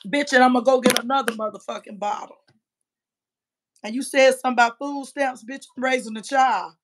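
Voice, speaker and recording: High-voiced woman ranting profanely. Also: steady tone, fairly quick, a little hiss or hum. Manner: profane, combative, trash-talking. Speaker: livestreamer. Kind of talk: heated livestream rant.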